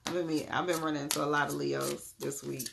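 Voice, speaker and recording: A young woman, giving an animated live tarot reading and greeting her viewers. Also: low voice, brisk, gravelly, noisy background. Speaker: spiritual tarot card reader.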